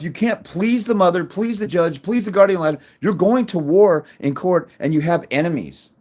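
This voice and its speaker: A middle-aged man giving a blunt, crude advocacy rant to camera, combative, with many restarts and loud jumps when he makes a point. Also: sits high, moderate pace, few pauses. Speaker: fathers' rights advocate.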